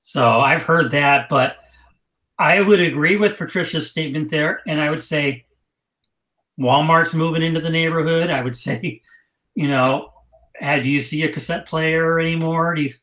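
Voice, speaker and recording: A man co-hosting a casual online chat, telling stories in a lively, joking way. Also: on the high side, moderate pace, echoey room, poor audio. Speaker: podcast co-host.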